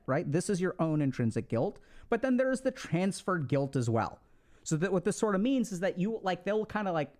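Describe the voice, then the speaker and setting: A man with a slightly high voice gives relationship advice in a casual, explanatory way, filling his talk with fillers and quick "right?" check-ins.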